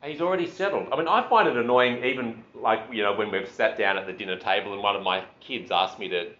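Male preacher, casual lively delivery, dull roomy recording. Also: on the low side, fast talker. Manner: conversational, animated, with self-deprecating asides. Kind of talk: sermon.

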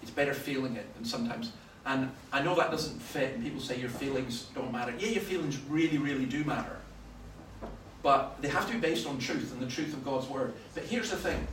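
A Scottish man preaching a sermon, telling stories with sudden loud bursts of emphasis. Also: medium pitch, brisk. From Scotland. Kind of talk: sermon with anecdotes. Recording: roomy, from far off, faint noise.

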